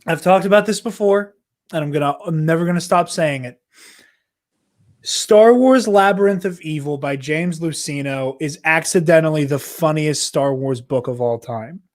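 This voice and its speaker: A podcast co-host in an animated, casual storytelling mode. He swears freely and keeps the story moving quickly. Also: a little high. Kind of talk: casual chat.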